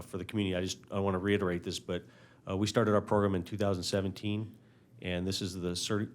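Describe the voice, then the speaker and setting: A man speaking as fire chief at a council meeting, halting and full of filler words. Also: low voice.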